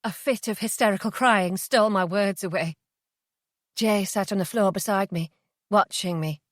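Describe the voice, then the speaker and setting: A woman's voice: medium pitch, normal speed, no room sound. Woman narrating an audiobook, dry close sound. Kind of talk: first-person scripted narration.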